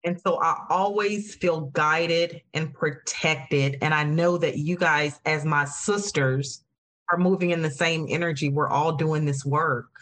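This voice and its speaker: Casting: woman podcast host, lower voice, earnest and emotional, affirming tone. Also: steady tone, a little slow, fairly bright tone. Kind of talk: heartfelt conversational podcast talk.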